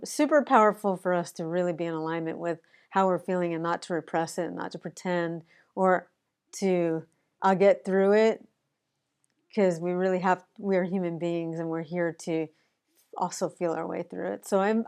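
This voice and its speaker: An autism educator talks earnestly and conversationally to the camera about honesty with feelings in a casual, personal way. Her voice is fairly low in pitch, a little mellow, clear, and resonant.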